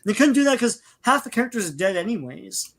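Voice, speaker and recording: A man's voice: high voice, big pitch swings, quick pace, creaky, fairly bright tone. A man co-hosting a casual talk show, giving rambling, opinionated takes and laughing often. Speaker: podcast co-host. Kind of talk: casual chat.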